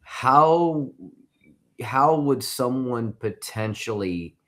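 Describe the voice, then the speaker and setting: A man co-hosting a casual podcast discussion, asking questions haltingly and rephrasing them partway through. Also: medium pitch, expressive, fairly bright tone. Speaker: podcast co-host.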